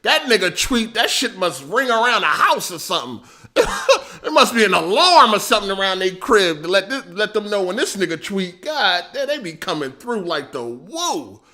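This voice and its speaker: A man hosting a casual livestream, animated and slangy, laughing often and swearing freely. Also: sits high, moderate pace. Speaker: livestream host.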